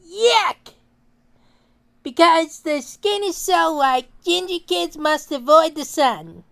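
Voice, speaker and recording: A man's voice: extremely high pitch, lively intonation, slow, creaky, fairly bright tone, heavily acted. A man voicing a smug, hateful schoolboy who delivers a class speech in a nasal, sneering, mock-solemn way. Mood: disgusted. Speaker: student speaker. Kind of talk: cartoon voice acting.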